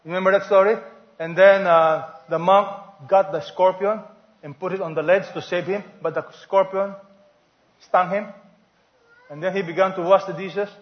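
A man's voice: sits high, fairly even intonation, normal speed, lo-fi sound. A man preaching a sermon as pastor, asking the congregation questions and stretching out key words.

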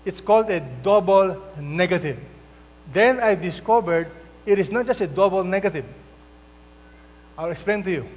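A male pastor preaches in a high voice, taking his time and leaning hard on each quoted verse. The sound is dull and lo-fi. A long hall reverb and a faint mains hum sit behind him. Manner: slow, emphatic preaching with drawn-out scripture quotes. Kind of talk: sermon.

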